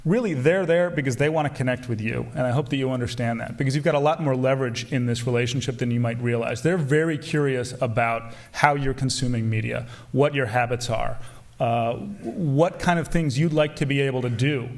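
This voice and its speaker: A man's voice: mid-range voice, fairly quick. A man speaking earnestly at a student assembly, hesitant and full of restarts. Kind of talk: speech at an assembly.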